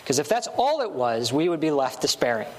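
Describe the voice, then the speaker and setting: Preacher, male, slightly high voice, earnest repetitive sermon delivery, faint background hiss. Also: big pitch swings, brisk. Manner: earnest, building emphasis with short repeated phrases.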